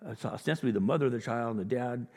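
A man's voice: medium pitch, racing, a little mellow. A male pastor giving a sermon, telling stories in a conversational way and rising to emphatic points. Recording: reverberant hall.

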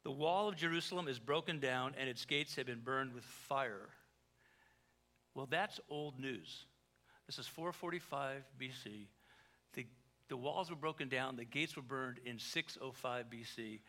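A man, a pastor, preaching a sermon in a conversational way, with joking asides and big swings between quiet and loud. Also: medium pitch, unhurried.

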